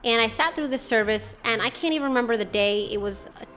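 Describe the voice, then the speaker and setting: A young woman from Boston, USA tells her personal story on her channel in a testimony vlog, casual and rambling, full of "like" and other fillers. Her voice is on the high side, fast and a bit bright, with faint music behind.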